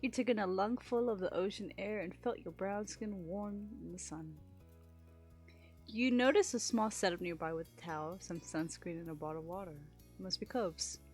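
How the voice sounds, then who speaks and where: Woman streamer reading a story game out loud, chatty and sweary, mid voice, soft music under. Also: mid-range voice, normal speed. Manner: chatty, laughs and swears between lines. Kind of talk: reading a visual novel aloud on a live stream.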